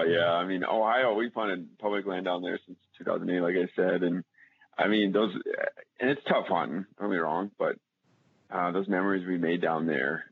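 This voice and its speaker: Heard over a tinny phone line with no echo, a husky, low-voiced man rambles through hunting stories as a guest on a podcast. The storytelling is casual and full of restarts and fillers, turning animated in the retelling.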